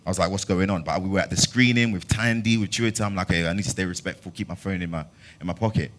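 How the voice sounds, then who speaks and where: With a deep voice and a quick pace, this twenty-something Londoner recounts a story to an audience as an actor at a master class. His London accent comes through as he acts out the dialogue with lively energy and sudden loud laughs.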